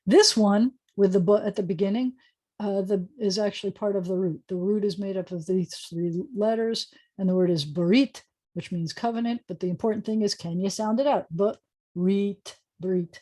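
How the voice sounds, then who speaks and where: A woman's voice: mid-range voice, fairly quick, dark tone. A woman rabbi teaching a beginners' Hebrew lesson over a video call, patiently sounding out words with chatty asides.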